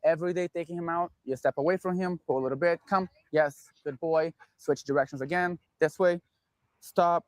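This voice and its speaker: A man working as a dog trainer, calmly explaining his method and giving short commands to a dog. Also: a little high, normal speed, dry recording. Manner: calm, instructive, gives short commands to a dog.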